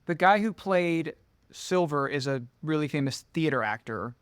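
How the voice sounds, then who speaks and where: Podcast guest, male, high smooth voice, dry close sound, chatty and animated. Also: moderate pace, dry recording. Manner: animated, chatty, full of asides. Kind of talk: casual chat.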